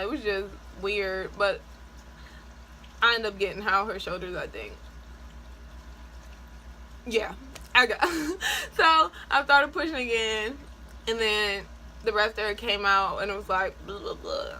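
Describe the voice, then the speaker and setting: Chatty bright-voiced woman vlogger. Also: on the high side, slight background noise, low-quality recording. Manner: chatty, animated, frequent "like" and laughs. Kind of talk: casual personal storytelling.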